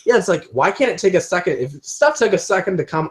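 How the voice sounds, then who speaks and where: A man's voice: a little high, expressive, quick pace, hardly any pauses. A young man chatting casually on a livestream, telling rambling, self-mocking stories about work. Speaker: livestream co-host. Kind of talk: casual chat.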